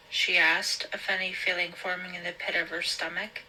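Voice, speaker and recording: A woman hosting a show, reading a thriller novel aloud in a slow, deliberate storybook style. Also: lowish voice, level tone, sharp tone, rough recording.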